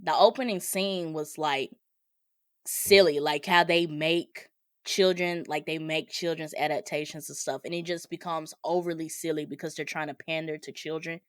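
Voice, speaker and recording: A woman's voice: sits low, steady tone, normal speed, no echo, clean studio sound. A woman co-hosting a podcast, chatting casually about movie trailers, laughing often and filling her talk with "like". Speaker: podcast co-host.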